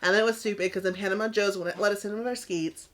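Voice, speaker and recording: A woman co-hosting a podcast, telling a story in casual chat, laughing often and acting out other people's lines in a higher voice. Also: steady tone, fast talker, a bit bright. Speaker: podcast co-host.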